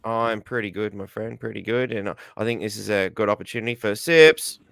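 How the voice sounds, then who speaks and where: A lower-voiced Australian man hosts a live stream in a loose, rambling way, greeting viewers by name and swearing casually. His voice is smooth and resonant, recorded close and dry with no room sound. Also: a little fast, fairly bright tone, dry recording. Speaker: host.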